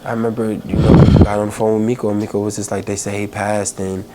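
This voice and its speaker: A man hosting a podcast, telling a heartfelt personal story in a halting way, with many pauses and fillers, holding back tears. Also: on the low side, flat delivery, very noisy. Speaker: podcast host.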